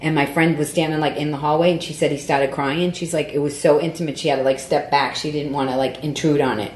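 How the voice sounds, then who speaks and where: A woman comedian telling a story in casual podcast chat, animated and profane, acting out the voices she quotes. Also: low voice, fast, echoey room, slight background noise.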